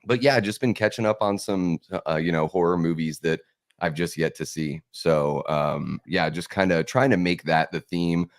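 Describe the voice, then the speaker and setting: A man's voice: low voice, normal speed, dry recording, clean studio sound. A man appearing as a guest on a casual live-stream chat, talking in a laid-back way with lots of fillers and easy laughter.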